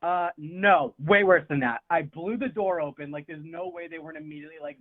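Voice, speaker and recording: Brief: young male caller, higher-pitched, profane rambling storyteller who laughs a lot, tinny dry phone line. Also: fairly quick, dry recording. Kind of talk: casual storytelling.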